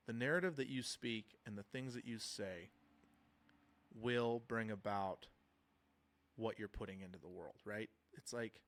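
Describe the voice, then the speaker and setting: A man's voice: medium pitch, fairly bright tone. A young adult man talking to camera in a casual reflective monologue, earnest and rambling, with frequent restarts and fillers. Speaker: vlogger.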